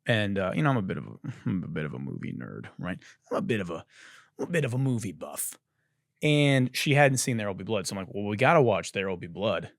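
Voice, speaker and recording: A man hosting a comedy podcast, delivering a profane, animated ranting monologue into a close studio mic. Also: on the low side, fast talker, creaky, dry recording. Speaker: podcast host.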